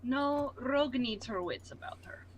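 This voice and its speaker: A woman's voice: sits high, expressive, moderate pace, background noise. A woman playing a tabletop game, playfully describing what her character does. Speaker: player. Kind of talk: tabletop role-play chat.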